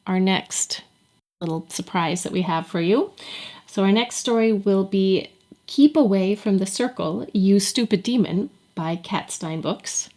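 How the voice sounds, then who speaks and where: A woman hosting an online fan party, thanking readers and introducing the next story with a few pauses. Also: mid-range voice, darkish tone. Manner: friendly, thanking, hesitant fillers. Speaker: event host.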